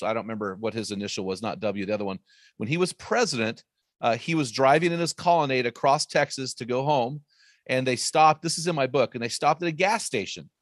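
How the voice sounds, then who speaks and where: A man's voice: mid-range voice, no room sound, studio quality. A man speaking as a guest author, talking with energy and emphasis, repeating phrases as he tells stories. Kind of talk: emphatic faith-based storytelling.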